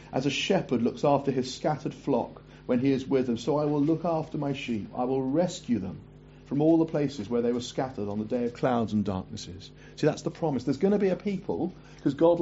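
A man preaching a sermon, reading scripture aloud and breaking off for chatty asides and quick self-corrections. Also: medium pitch, dark tone, highs cut off, a little hiss or hum.

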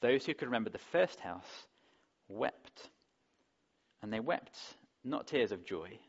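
A man delivers a sermon in an easy, talking-it-through manner, full of rhetorical questions. His voice sits fairly low. The recording sounds muffled and lo-fi. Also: lively intonation, unhurried, slightly rough. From England. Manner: conversational, asks the congregation rhetorical questions. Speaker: preacher.

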